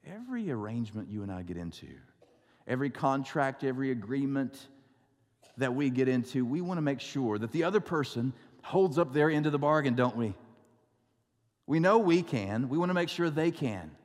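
A male pastor preaching a sermon, stretching out scripture slowly and telling stories with wry asides. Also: mid-range voice, animated. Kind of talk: sermon with storytelling. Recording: long reverb of a large hall.

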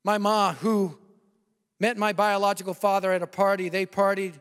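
A man preaching an evangelistic sermon with a high voice. He swings from ringing proclamation down to hushed, close appeals. His words trail off into a long hall reverb. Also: little pitch movement, normal speed, smooth.

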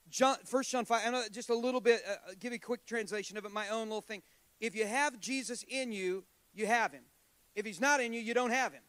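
A man's voice: high voice, a bit bright, no room sound. A middle-aged man preaching a sermon to a congregation, conversational and joking, with self-deprecating asides. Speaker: guest preacher.

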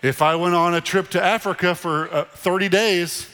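Pastor preaching in an echoing hall. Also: male voice, sits high, moderate pace, a little hiss or hum. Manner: animated, conversational preaching with repeated phrases. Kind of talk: sermon. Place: church sanctuary. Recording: long reverb of a large hall. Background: congregation in the room.

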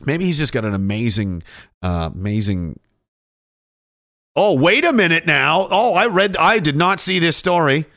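A man hosting a casual livestream who rambles through viewer comments, cynical and quick to swear. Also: on the high side, big pitch swings, sharp tone, no room sound, studio quality. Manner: rambling, profane and cynical, with frequent restarts.

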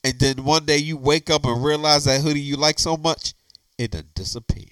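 A man's voice: on the high side, steady tone, fairly quick, a bit bright, clean tone, no echo, poor audio. A man, bantering on a podcast, emphatic and repeating himself, laughing as he reads aloud. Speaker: podcast co-host. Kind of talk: casual banter.

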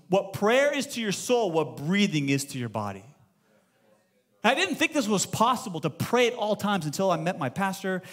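A man in his thirties, a pastor giving a sermon in a church and telling stories with acted-out dialogue. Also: fairly high pitch. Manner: animated storytelling, acts out dialogue. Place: church sanctuary.

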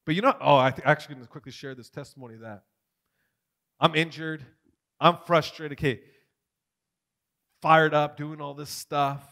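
High-pitched man preaching an animated testimony. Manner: animated storytelling, swings from shouting to near whisper. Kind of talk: testimony sermon.

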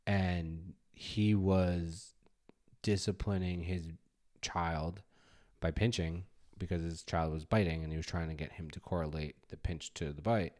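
A man's voice: low-pitched, a little slow. A man in his forties co-hosting a podcast about fatherhood, telling stories casually and acting out his own scolding. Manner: animated storyteller, acts out his own scolding. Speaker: podcast co-host. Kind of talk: casual chat.

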